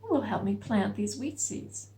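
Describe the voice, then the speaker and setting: A woman voicing a hardworking little hen in a storybook tale, speaking in a high, insistent voice. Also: sing-song, normal speed, dark tone, a little hiss or hum. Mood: asking. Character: fussy little hen, hardworking and put-upon.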